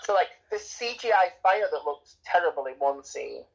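A woman's voice: lowish voice, animated, normal speed, vocal fry, husky. A woman co-hosting a casual film review chat, ranting and swearing as she mocks the characters. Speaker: podcast co-host. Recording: dull lo-fi recording.

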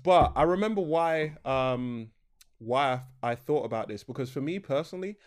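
A man's voice: mid-range voice, expressive, normal speed. A young man chatting on a casual podcast in a playful way, laughing often. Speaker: podcast co-host.

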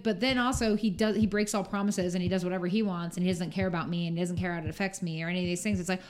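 A woman's voice: mid-range voice, fairly even intonation, fairly quick, few pauses, darkish tone. A woman talking as a podcast guest in a casual interview, chatty and full of "like", often acting out what other people say. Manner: chatty, full of "like", acts out quoted speech.

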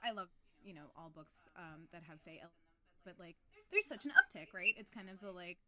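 A woman's voice: lowish voice, fairly quick. A woman author as a podcast guest, chatting casually and telling stories with frequent laughter. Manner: giggly, animated storytelling.

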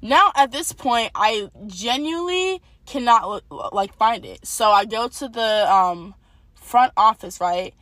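A young woman telling a personal faith testimony in a casual, animated storytelling way, talking straight to her viewers. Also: on the high side, a little slow, dry recording. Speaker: testimony speaker.

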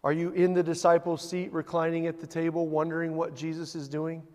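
A man's voice: fairly high pitch, completely flat delivery, brisk, darkish tone, in a large hall. A man preaching a sermon as a pastor, telling the story vividly and building to emphatic points.

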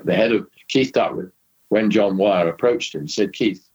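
Older Englishman, husky low voice. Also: moderate pace, a little mellow, lo-fi sound. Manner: rambling, frequent restarts and asides. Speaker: interview guest, former racing driver. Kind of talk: anecdotal storytelling in conversation.

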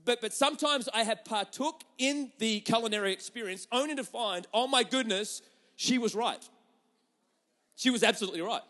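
A man with a notably high voice preaches from the pulpit, animated and storytelling, dropping to hushed tones then surging loud again. He's a young adult pastor with a conversational, joking delivery. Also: normal speed. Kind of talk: sermon.

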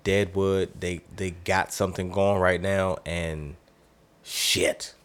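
A man's voice: low voice, little pitch movement, slow. A man co-hosting a casual podcast, laid-back and slangy, laughing easily and chiming in with short agreements. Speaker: podcast co-host.

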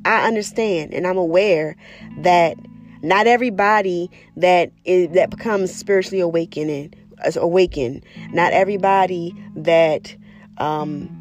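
A spiritual vlogger with a fairly low-pitched voice talks candidly about her spiritual practice in a casual personal monologue. She's profane and animated as she tells her stories.

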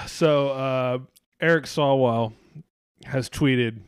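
A man's voice: medium pitch, animated, moderate pace, clean tone, no echo, studio quality. A man hosting a podcast in casual chat. He rambles, swears a lot and laughs often. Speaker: podcast host.

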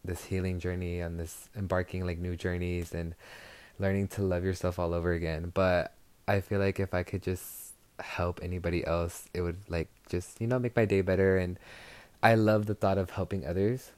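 A young man talks through a casual chat podcast in a lowish voice with a mellow, warm tone. He gushes and chatters loosely, peppering every thought with "like" and "girl." The sound is close and dry, with little room around it. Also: flat delivery, moderate pace, smooth, no room sound. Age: young adult. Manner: chatty and gushing, full of "like" and "girl". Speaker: podcast host.

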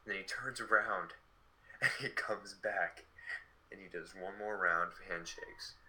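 Bright-toned young man telling a story. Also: low-pitched, measured pace, rough recording. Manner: chatty, many fillers, lively retelling. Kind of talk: casual storytelling.

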